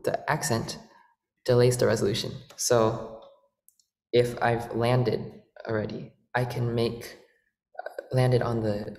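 Workshop presenter, man, gravelly voice, halting explanations, roomy sound with organ playing behind. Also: mid-range voice, darkish tone. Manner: halting, explanatory, many fillers. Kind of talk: lecture demonstration.

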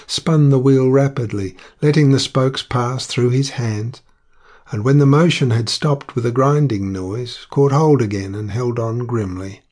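A man narrating an audiobook in a measured, unhurried reading. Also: medium pitch, darkish tone.

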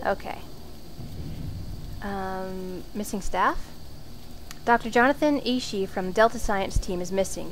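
A woman's voice: medium pitch, slight background noise. A woman commenting on a horror game as she plays, jumpy and often screaming at monsters. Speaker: gaming video host. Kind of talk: let's play commentary.

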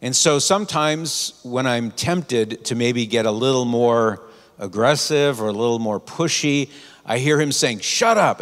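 Male conference speaker, earnest and anecdotal, mid-pitched, reverberant hall. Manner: storytelling, earnest advice. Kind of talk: conference talk.

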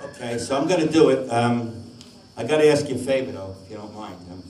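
Older male stage comic-singer, chatty storyteller, booming hall sound. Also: lively intonation, fairly quick. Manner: chatty, jokey storyteller with a street-corner neighborhood tone. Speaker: oldies singer and comedian. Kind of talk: live concert banter and singing. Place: live concert stage with audience. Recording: echoey live hall, mic from a distance, band playing loud.

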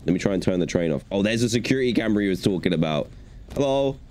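A man's voice: lowish voice, lively intonation, rapid-fire, darkish tone. A young man giving chatty, playful commentary while playing a video game. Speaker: gaming YouTuber. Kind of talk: gaming commentary.

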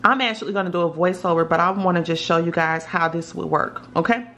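A woman's voice: fairly low pitch, fairly even intonation, fast, fairly bright tone, slight background noise. Chatty woman walking through a tutorial. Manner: chatty, checks in with viewers with "okay?". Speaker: tutorial vlogger. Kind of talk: casual step-by-step tutorial.

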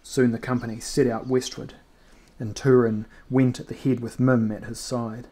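A man reading a fantasy novel aloud in a measured, even narration. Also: medium pitch. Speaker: reader. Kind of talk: audiobook narration.

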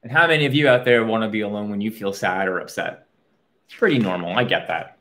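A man reading a picture book aloud to children, pausing for chatty asides to his young listeners. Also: on the low side, a bit bright. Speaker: children's storyteller.

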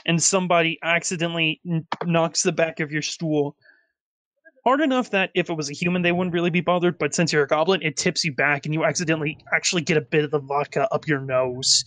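A man narrates a tabletop session as game master, rambling along with plenty of fillers. His voice sits a bit high, and it comes through dry and close, with no room sound. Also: fairly even intonation, quick pace, fairly bright tone, dry recording.

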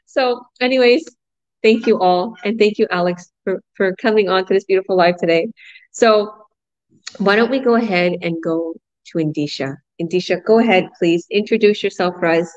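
Bubbly canadian mom type hosting a live call, excited and laughy, audio a bit dull. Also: female voice, fairly low pitch, normal speed. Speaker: host. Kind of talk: casual live chat.

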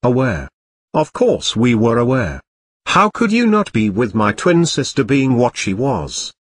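A man voicing a bitter, shrill aunt who rants at length in a story reading. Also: wildly swooping pitch, measured pace, no room sound.

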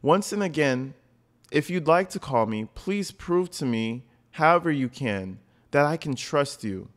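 A man reading out the messages of an anxious foreign woman, in a soft, earnest, pleading voice. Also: fairly high pitch, lively intonation, unhurried.

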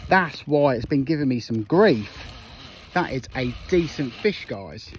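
A man, chatting excitedly to viewers while fishing outdoors by a lake. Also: mid-range voice, unhurried, low-quality recording. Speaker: fishing vlogger. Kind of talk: casual commentary while fishing. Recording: loud outdoor noise.

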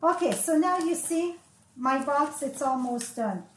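A woman with a French accent, French her first language, giving a live craft tutorial, talking slowly and chatting as she works. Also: sits high, lively intonation. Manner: slow, chatty, thinking aloud as she works. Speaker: papercraft instructor. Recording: echoey room with faint noise.

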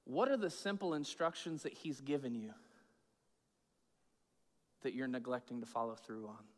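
A man preaching a sermon as pastor, casual and chatty, swinging between loud emphatic bursts and low hushed asides. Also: lively intonation, moderate pace. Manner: informal, chatty preaching with fillers and repeats. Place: church sanctuary with long reverb. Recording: echoey church hall.

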